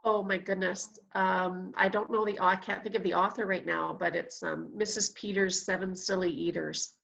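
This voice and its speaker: A woman answering quick questions in a casual chat, chatty and quick to laugh. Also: mid-range voice, steady tone, creaky, a bit bright. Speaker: guest.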